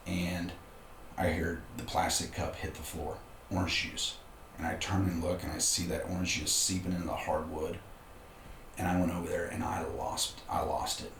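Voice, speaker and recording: Man, middle-aged, conversational and candid, faint background hiss, casual storytelling. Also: low-pitched. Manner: candid, conversational, frequent restarts. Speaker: podcast guest. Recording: roomy room with faint background noise.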